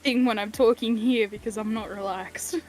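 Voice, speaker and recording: A woman with an Australian accent chatting on a stream, playful and quick to laugh. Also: mid-range voice, steady tone, darkish tone.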